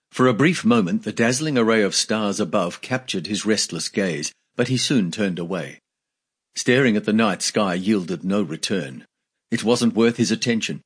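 A man narrating a fantasy audiobook in a measured, steady storytelling manner, lightly voicing the dialogue. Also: on the low side, breathy edge.

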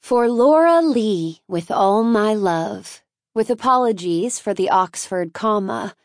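A woman's voice: fairly high pitch, darkish tone, dry recording. A woman narrating an audiobook in a wry, conversational first-person storytelling manner, recorded in a dry booth.

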